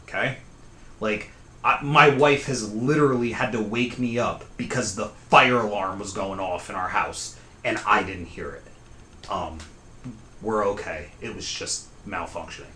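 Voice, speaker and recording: A man telling his own scary story in a casual, conversational way, often pausing to ask "okay?". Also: fairly low pitch, sharp tone, echoey room. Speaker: storyteller host. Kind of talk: casual spoken horror storytelling.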